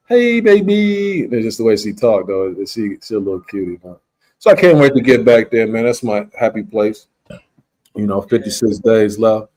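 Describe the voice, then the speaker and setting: A man's voice: lowish voice, darkish tone. Laid-back man hosting a podcast. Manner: rambling, laid-back storytelling with frequent "you understand". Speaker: podcast host. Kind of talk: casual podcast chat.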